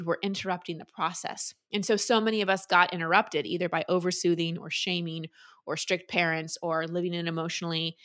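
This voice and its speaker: A woman's voice: fairly low pitch, sharp tone. A woman guest in an interview, earnestly explaining how to release feelings and acting out the voices of the people she quotes. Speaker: guest, emotional wellness teacher. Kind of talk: conversational interview answer.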